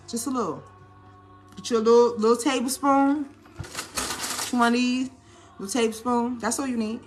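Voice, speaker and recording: A woman with a New Orleans accent chatting casually while making a salad in a home kitchen, animated and coaching, often checking in with her viewers. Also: on the high side, moderate pace, pauses often, soft background music. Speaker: lifestyle vlogger. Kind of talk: casual cooking vlog talk.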